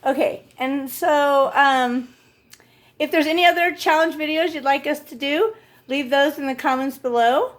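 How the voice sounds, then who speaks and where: A woman's voice: high voice, normal speed. A woman hosting a casual family vlog, gushing and encouraging in a motherly way. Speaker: family vlog host, parent.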